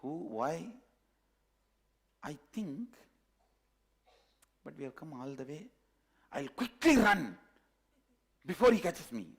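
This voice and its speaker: Timid young lion cub sure he's a sheep, pleading and fretful, a touch high, as a man puts him on while telling a parable. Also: sing-song, slow pace, long pauses, husky, exaggerated voice. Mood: nervous. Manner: pleading, whiny, anxious.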